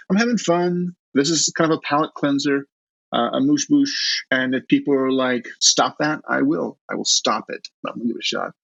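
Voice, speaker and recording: A man with a Southern US accent, an author chatting in an interview, self-deprecating and halting with many restarts. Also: mid-range voice, fairly bright tone, no echo, highs cut off. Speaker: guest author. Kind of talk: casual interview chat.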